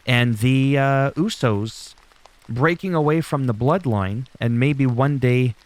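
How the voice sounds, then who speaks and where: A man's voice: medium pitch, slow. A man talking casually as he recaps a wrestling show on his channel, rambling, chatty and loose, with some swearing.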